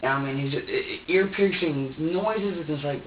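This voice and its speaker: In a police interview room, a man with a slightly high voice speaks unhurriedly while giving an interrogation statement, rambling anxiously, repeating himself, and restarting sentences. A room recorder far from him captures a roomy, distant, dull lo-fi sound with faint hiss.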